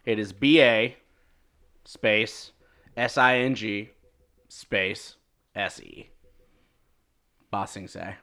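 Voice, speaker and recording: A man's voice: on the low side, extremely slow, pauses often, pushed and bright. A man hosting a podcast, playfully running a timed quiz game in casual chat.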